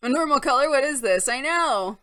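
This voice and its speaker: A woman's voice: high-pitched, lively intonation, a little fast, bright, forceful tone. A young woman hosting a casual live-stream chat show, reading and answering chat in a chatty, giggly way. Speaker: streamer host.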